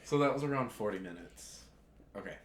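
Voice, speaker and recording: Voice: a little fast, reverberant. A young co-host of a podcast, chatting playfully and teasing their friend. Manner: playful, teasing, lively swings in pitch. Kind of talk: casual chat.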